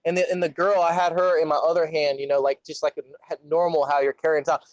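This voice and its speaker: A man's voice: fairly high pitch, fast talker, no echo, lo-fi sound. A young man telling a long story in casual chat, rambling and swearing constantly. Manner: profane, rambling, animated storyteller.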